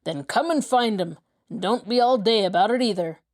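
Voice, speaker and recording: A woman voicing a gruff, bossy male gang leader in an audiobook, growling out his orders. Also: mid-range voice, normal speed, close to an everyday voice. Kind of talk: audiobook character voice.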